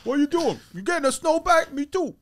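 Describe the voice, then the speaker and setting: A man's voice: extremely high pitch, animated, fast talker, over loud music, voice pushed up. A man doing an impression of a famous male comedian, rambling in a goofy, offhand way.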